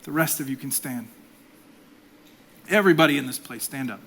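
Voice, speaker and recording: A man in his forties, a pastor preaching a sermon, swinging between loud emphatic exhortation and soft, intimate delivery. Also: medium pitch, moderate pace, breathy edge. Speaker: executive pastor.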